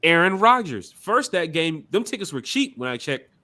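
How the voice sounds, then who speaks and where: A man's voice: fairly high pitch, sing-song, normal speed, fairly bright tone. A man hosting a casual sports podcast, building up hype as he runs through the season schedule. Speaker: podcast host.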